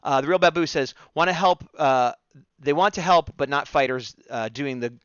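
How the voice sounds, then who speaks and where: A man's voice: a little high, normal speed, clear, resonant tone, no room sound, lo-fi sound. A man co-hosting a casual live-stream discussion, chatting, reading viewer comments aloud and laughing often. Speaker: co-host of a fan discussion stream.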